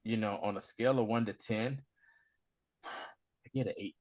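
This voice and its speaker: A man's voice: on the low side, normal speed. A man co-hosting a casual movie review podcast, laughing often and acting out lines from scenes. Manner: animated, laughs often, acts out quotes from scenes. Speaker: podcast co-host.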